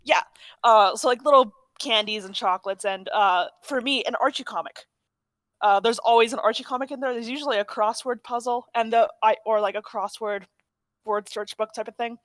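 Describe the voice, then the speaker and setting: A woman's voice: a little high, normal speed, no echo. Young woman, podcast co-host, rambling casual talk, dry close sound. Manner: rambling, self-correcting, chatty. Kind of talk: casual chat.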